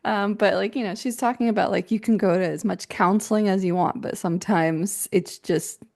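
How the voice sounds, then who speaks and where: A woman's voice: medium pitch, fairly even intonation, moderate pace, vocal fry, a little mellow. A woman co-hosting a writing podcast, chatting casually and self-mocking as she recounts conference advice. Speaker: podcast co-host. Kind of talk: casual chat.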